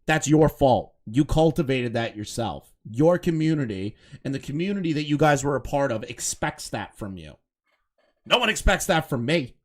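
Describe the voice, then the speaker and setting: A man's voice: medium pitch, expressive, moderate pace. A man doing casual live commentary on clips, talking in a heated, profane and mocking way. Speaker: commentary streamer.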